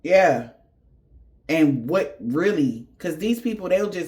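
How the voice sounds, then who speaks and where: A man's voice: sits high, animated, unhurried, darkish tone. A man giving a casual spiritual reading, profane and slangy, laughing as he tells stories. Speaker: tarot reader.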